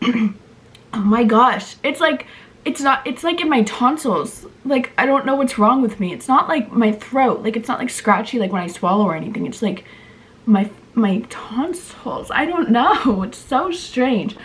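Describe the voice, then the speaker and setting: A woman's voice: a little high, animated, unhurried. A woman in her twenties chatting casually to her camera in a vlog, rambling with lots of "like" and restarts while her throat is sore and her voice sounds off. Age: 20s. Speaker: vlogger. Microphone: handheld compact camera.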